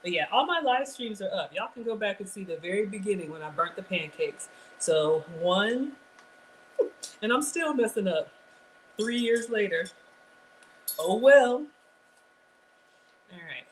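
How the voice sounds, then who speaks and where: A woman's voice: mid-range voice, lively intonation, unhurried, long pauses, low-quality recording. Woman host, chatty live-stream cooking demo, slight background noise. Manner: chatty, talks straight to viewers.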